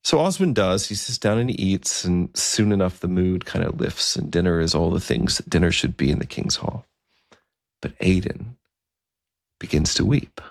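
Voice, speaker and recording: A man with a very low, gravelly voice tells a story in a relaxed, conversational way. He adds asides and fillers as he goes. The sound is close and dry. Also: moderate pace, no room sound. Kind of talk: storytelling narration.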